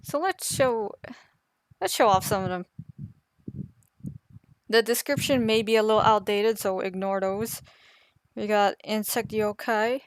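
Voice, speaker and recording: A woman's voice: medium pitch, measured pace, pauses often, slight background noise. A woman chatting casually on a live art stream, rambling and laughing at herself. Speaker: artist streamer.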